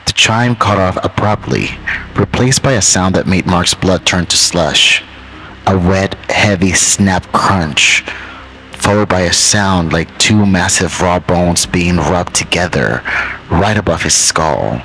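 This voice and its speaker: A man narrating a horror story in a measured, ominous way, drawing out key phrases. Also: low voice, sharp tone, a little hiss or hum, low-quality recording.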